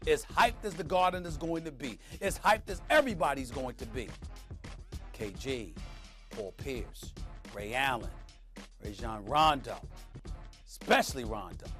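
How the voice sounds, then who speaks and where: A man giving an emphatic, animated sports opinion segment, swinging between loud bursts and hushed asides. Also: fairly high pitch. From New York. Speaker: sports commentator.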